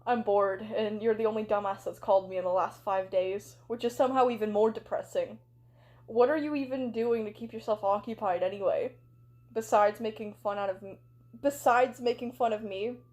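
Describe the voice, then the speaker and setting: A woman's voice: medium pitch, steady tone, normal speed, darkish tone, voice pushed down, natural voice. A woman reading the lines of a grumpy, sleep-deprived man who swears and snaps sarcastically on a phone call. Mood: grumbling.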